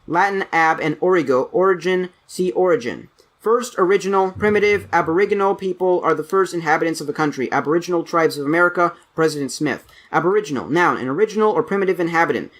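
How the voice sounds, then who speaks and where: Man reading a dictionary aloud, higher voice. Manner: brisk, with stumbles and self-corrections. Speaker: channel host reading aloud.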